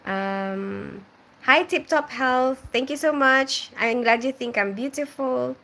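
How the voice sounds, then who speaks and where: Bright-voiced woman chatting on a live stream. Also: high voice, slow, gravelly. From Philippines. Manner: reads viewer comments aloud and answers them; chatty with frequent fillers. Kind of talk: casual live-stream chat.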